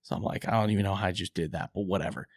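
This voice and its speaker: A man co-hosting a podcast, excitedly telling a hunting story, acting out his own quotes and swearing casually. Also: deep voice, very fast, no echo, studio quality.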